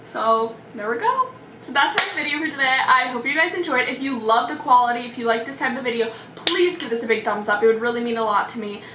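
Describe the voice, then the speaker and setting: A young woman vlogger tells a storytime in a chatty, dramatic way, stuffing it with "like" and mimicking voices. Her voice is on the high side, animated, quick, pushed and bright, recorded on a camera mic slightly far away in an echoey room with slight background noise.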